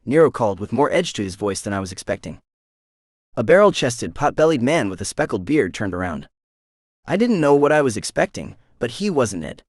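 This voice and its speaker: A man narrating a first-person romance audiobook in an expressive reading voice, close to the mic. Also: mid-range voice, no echo.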